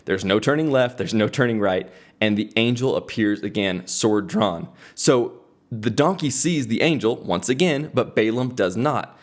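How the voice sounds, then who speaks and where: A man's voice: on the low side, animated, normal speed. A young man hosting a podcast, who retells a Bible story conversationally with frequent restarts. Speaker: podcast host. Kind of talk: casual devotional storytelling.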